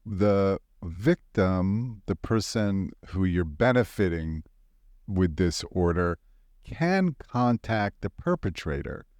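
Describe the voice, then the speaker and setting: A man's voice: sits low, lively intonation, slow, a little mellow, no echo, clean studio sound. A man hosting a legal podcast, asking long, lawyerly clarifying questions. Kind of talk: podcast interview.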